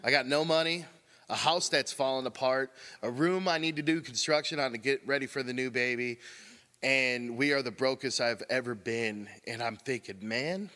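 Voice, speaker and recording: An adult man with a wife and a daughter gives a candid, rambling share at a recovery meeting, often saying "man" and laughing as he speaks. His medium-pitched voice is pushed and bright at a normal speed, and the recording carries long hall reverb.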